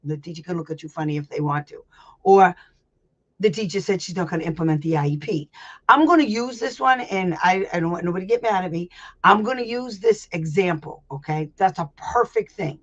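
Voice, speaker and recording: A special education advocate hosts a laid-back teaching chat, her lowish voice moving a little fast. There's plenty of rambling, frequent laughter, and blunt talk sprinkled with salty language. The audio sounds slightly dull and lo-fi.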